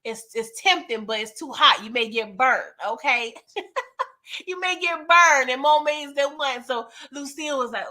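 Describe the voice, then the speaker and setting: A woman's voice: sits high, moderate pace, bright, forceful tone. A woman hosting a casual TV episode recap, chatty and slangy, talking straight to her viewers. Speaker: TV recap host.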